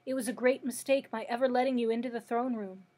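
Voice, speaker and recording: Lady reading as a shaky little old fake wizard, pleading and meek, kinda husky. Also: a little high, steady tone, fast talker, a little mellow, close to an everyday voice. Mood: explaining. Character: blustering little old male humbug wizard.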